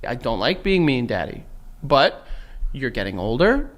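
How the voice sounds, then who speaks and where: A man in his thirties co-hosting a podcast, telling animated stories and acting out the quotes between bursts of laughter. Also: medium pitch, measured pace. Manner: animated, laughing storyteller who voices quotes. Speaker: podcast co-host. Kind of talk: animated storytelling chat.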